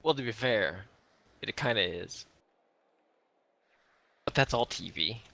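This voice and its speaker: A man's voice: lowish voice, expressive, takes it slowly, creaky, sharp tone. A man in casual chat with friends on a game stream, rambling and searching for words. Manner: rambling, hesitant.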